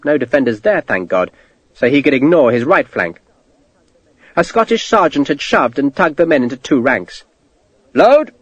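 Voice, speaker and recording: A man narrating a historical war novel as an audiobook, with an expressive storytelling delivery. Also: mid-range voice, normal speed, slightly rough, no echo. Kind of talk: scripted narration.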